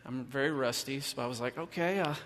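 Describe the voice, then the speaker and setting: A man's voice: mid-range voice, fairly quick, a bit bright. A man giving a chatty sermon, telling a self-deprecating story before he turns to teaching. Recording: long reverb of a church hall.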